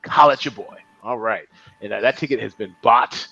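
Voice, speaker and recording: A man's voice: medium pitch, brisk, vocal fry, pushed and bright, highs cut off. A man hosting a podcast in casual chat, joking around and laughing often. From Las Vegas area. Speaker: podcast host.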